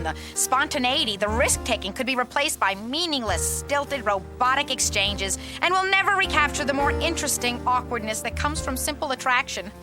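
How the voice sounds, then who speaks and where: A flustered cartoon woman stammers through earnest speeches. Her voice sits high, with music clearly playing behind her.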